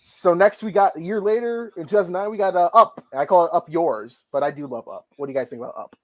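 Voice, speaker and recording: A man's voice: high voice, fast talker, darkish tone, no room sound. A man in a casual movie chat, telling scenes animatedly and swearing freely. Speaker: podcast co-host.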